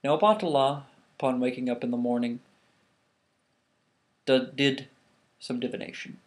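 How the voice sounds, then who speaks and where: A man casually telling a myth to the camera, animated, with frequent restarts. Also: medium pitch, normal speed. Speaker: vlogger. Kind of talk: casual storytelling.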